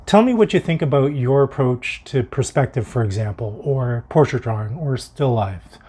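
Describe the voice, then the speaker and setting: A man with a slightly husky, breathy voice talks to the camera from his home art studio. He muses and thinks aloud, sometimes circling back to restart a sentence. His pitch sits in an ordinary middle range. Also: expressive, normal speed, warm tone. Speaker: art vlogger. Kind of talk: reflective solo video monologue.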